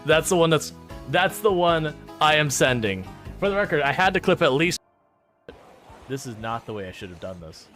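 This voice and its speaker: A man giving casual, excitable commentary on his own gameplay, reacting aloud and laughing often. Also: on the high side, moderate pace, soft background music. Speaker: gaming channel host.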